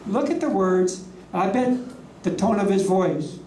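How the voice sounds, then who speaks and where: In this sermon with slides, a preacher leading a ministry class lands important words slowly and with emphasis, posing rhetorical questions to listeners. The medium-pitched voice is expressive, mellow, and dark, recorded far off in a reverberant room with a faint hum beneath.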